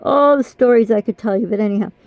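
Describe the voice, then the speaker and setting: An older woman with a fairly high, gravelly voice, chatting on her vlog in a rambling, apologetic way while her mouth hurts. The recording is dull, lo-fi and very dry. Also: quick pace, dry recording. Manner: rambling, apologetic, self-deprecating. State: mouth pain. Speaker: vlogger. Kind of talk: casual chat.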